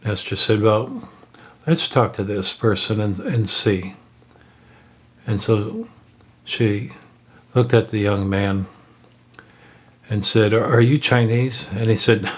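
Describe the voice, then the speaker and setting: Slow, low-voiced man telling a story. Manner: halting, with frequent fillers and restarts. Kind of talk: unscripted spoken storytelling.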